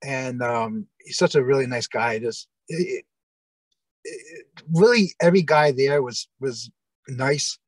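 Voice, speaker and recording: A man's voice: medium pitch, unhurried, no room sound, rough recording. A man telling long, rambling stories as the guest in an interview, often restarting and quoting what people said. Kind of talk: casual storytelling interview.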